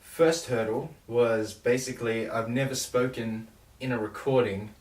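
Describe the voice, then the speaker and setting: A man's voice: mid-range voice, a little slow. Australian man, distant and echoey. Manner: relaxed, rambling, self-correcting. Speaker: songwriter and producer. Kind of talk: casual vlog talk. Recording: roomy echo, distant mic.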